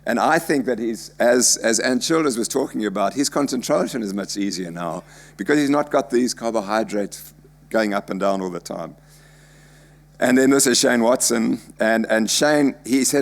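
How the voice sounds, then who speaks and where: A man's voice: mid-range voice, expressive, normal speed, vocal fry. An older man giving a chatty, anecdotal conference lecture about slides he shows. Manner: chatty, anecdotal, jokey asides.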